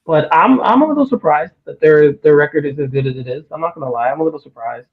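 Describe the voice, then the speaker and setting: A man's voice: a little high, fast, husky. A man co-hosting a casual sports talk show, opinionated and getting worked up as he talks. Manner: opinionated, gets worked up and animated. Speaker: podcast co-host. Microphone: remote call over a livestream. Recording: tinny phone-like line.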